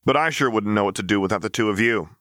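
A man's voice: fairly low pitch, fast talker, a bit bright, no echo, clean studio sound, natural voice. A man voicing a friendly young male officer who talks in a teasing, grinning way. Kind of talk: audiobook character voice.

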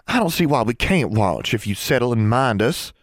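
A man's voice: mid-range voice, expressive, no room sound, studio quality, voice pushed up, lightly acted. A man doing an indignant drawling schoolgirl. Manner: slow, folksy rural dialect.

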